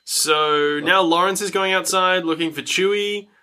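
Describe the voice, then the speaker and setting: Young guy, bright, slightly high voice, loose, sweary film-recap banter. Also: a little slow, clear, resonant tone. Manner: animated, profane storytelling with many fillers. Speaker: podcast co-host. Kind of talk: casual film recap chat.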